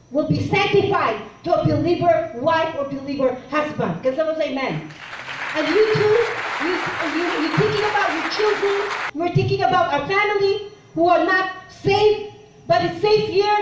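A woman minister with a very high, light voice preaches and tells her testimony, repeating phrases and prompting the congregation to answer. She is picked up from far off in a heavily echoing church hall, and the recording sounds dull. A faint congregation can be heard behind her. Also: a little hiss or hum. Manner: call-and-response, repeats herself, animated storytelling. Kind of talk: sermon with testimony.

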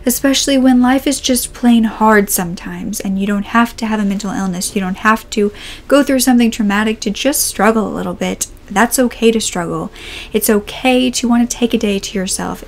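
Sincere, heartfelt woman addressing viewers. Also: a little high. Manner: sincere, warm-hearted, slightly emotional. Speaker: true crime channel host. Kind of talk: heartfelt direct-to-camera message to viewers.

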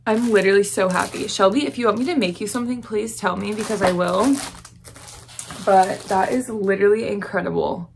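A woman's voice: mid-range voice, fairly quick, creaky, a little hiss or hum. A young woman with a Southern US accent, gushing and gasping through an unboxing vlog. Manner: gushing, gasping, breathless excitement. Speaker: vlogger.

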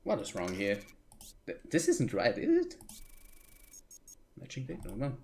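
Gravelly slow-talking man muttering at a game. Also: medium pitch, wildly swooping pitch, a little mellow, a little hiss or hum. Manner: thinks aloud, muttering and exclaiming in frustration. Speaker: streamer. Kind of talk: live gameplay commentary.

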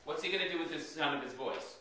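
Bright-voiced man teaching in an echoey room. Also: a little high, fast talker, far from the mic. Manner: checks understanding with frequent "okay?". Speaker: Hebrew teacher. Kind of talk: classroom lesson with questions to students. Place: classroom.

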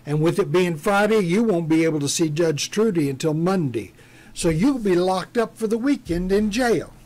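A man voicing a small-town deputy who speaks in a calm, measured, firm way. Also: high-pitched.

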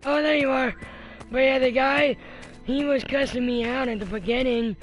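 A man streaming a game and chatting with teammates, excitable, laughing often and filling gaps with uhs. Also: very high voice, moderate pace, soft background music. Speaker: gaming streamer. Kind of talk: live game commentary with teammates.

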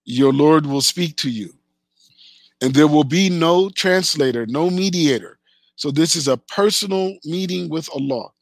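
A man's voice: on the high side, unhurried, no echo. A man giving an emphatic religious lecture, repeating phrases for stress and reciting Arabic verses between his English. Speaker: Islamic teacher.

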